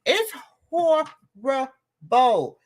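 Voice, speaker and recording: A woman in her fifties hosting a casual commentary, emphatic and animated, repeating lines for effect. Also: high-pitched, very slow. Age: 50s. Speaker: host.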